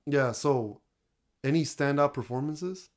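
A man's voice: fairly high pitch, a little slow. A man co-hosting a casual movie review, retelling the plot with lots of fillers. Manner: chatty, retells plots with fillers. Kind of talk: casual chat.

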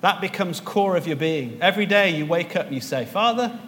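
Guy preaching a sermon, kinda high voice, long echoey hall, faint room hum. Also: brisk, fairly bright tone. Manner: earnest preaching, rises to emphatic peaks. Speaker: pastor.

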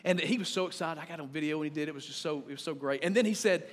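A man in his thirties preaching a sermon as pastor, conversational and animated, swinging between loud and quiet. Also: fairly high pitch, rapid-fire. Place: church sanctuary. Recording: long reverb of a church hall.

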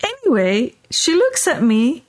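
Animated woman host telling a story on a podcast, kinda high voice, keeps saying right?. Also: a little slow. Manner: animated storyteller, often ends points with "right?". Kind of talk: casual storytelling chat.

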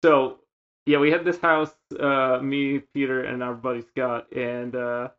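A male podcast co-host tells party stories in an unhurried, medium-pitched voice, animatedly acting out what his friends said during the casual conversation. The recording's high frequencies are cut off.

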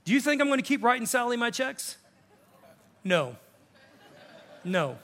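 A pastor around fifty preaching a sermon in a church sanctuary, impassioned, swinging from hushed to shouting and acting out the voices of others. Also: male voice, extremely high pitch, big pitch swings, measured pace, pauses often, long reverb tail. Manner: acts out quoted voices of others.

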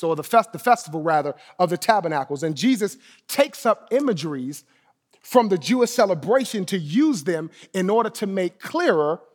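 A man preaching a sermon as pastor, emphatic and repeating key phrases, letting lines fall to soft, low endings. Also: long reverb tail.

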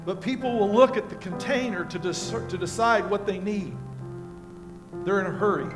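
An older American pastor preaches in a high-pitched voice, telling homey stories and moving from hushed moments to loud peaks. Music plays clearly behind his sermon. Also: normal speed. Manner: folksy storytelling with props, swinging from quiet to loud.

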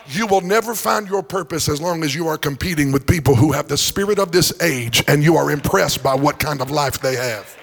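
Barely pausing, a middle-aged pastor preaches fairly quickly in a church sanctuary, his voice high-pitched and gravelly. The sermon swings into sing-song rises, and he jokes with the congregation along the way.

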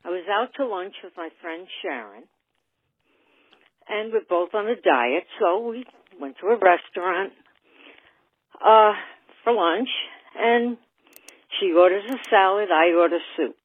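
A woman's voice: medium pitch, lively intonation, measured pace, pauses often, dry recording. An older woman leaving a voicemail, a little out of breath and chatty as she tells a story. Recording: tinny phone-line voicemail.

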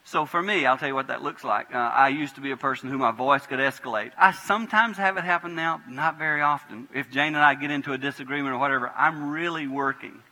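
A man preaching a sermon as pastor in a church, moving between hushed prayer and loud, animated emphasis. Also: medium pitch, fast talker, hardly any pauses. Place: church sanctuary. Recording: long hall reverb.

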